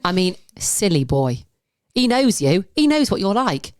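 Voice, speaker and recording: A woman's voice: medium pitch, sing-song, a little mellow, dry recording, clean studio sound. An English woman co-hosting a podcast, bantering and reacting in casual chat. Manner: chatty, quick reactions and banter. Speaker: podcast co-host.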